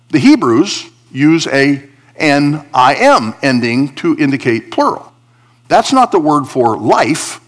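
A man preaching a sermon, swinging between emphatic high points and a quiet confiding tone as he explains Hebrew words from scripture. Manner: animated preaching, rising for emphasis, dropping to a confiding hush. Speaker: pastor.

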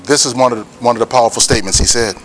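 A man preaching a sermon with emphatic, repetitive cadences that build to shouts. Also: mid-range voice, very fast, slight background noise.

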